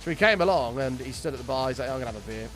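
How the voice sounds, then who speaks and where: A man's voice: medium pitch, expressive, a bit bright, faint music behind. A young man streaming a game, chatting with his viewers and telling long, sweary stories in a casual way. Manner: chatty storytelling, sweary, quick to greet viewers. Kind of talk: casual chat with live chat while gaming.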